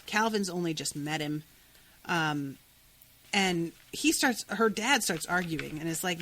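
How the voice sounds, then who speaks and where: A woman's voice: fairly low pitch, slow, long pauses, a little hiss or hum. A woman co-hosting a podcast, chatting casually about a book and acting out quoted lines as she retells scenes. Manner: animated, acts out quoted lines while retelling. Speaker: podcast co-host.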